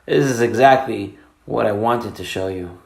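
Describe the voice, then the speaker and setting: A man voicing a wise, patient third son who speaks calmly and quietly. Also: lowish voice, normal speed, vocal fry, pitched below the performer's own voice. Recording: roomy echo.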